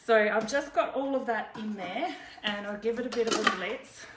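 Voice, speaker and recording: A woman hosts a live cooking demo from her home kitchen, chatting and rambling and laughing often between steps. Her voice is a little high at normal speed, heard in an echoey kitchen with faint background noise.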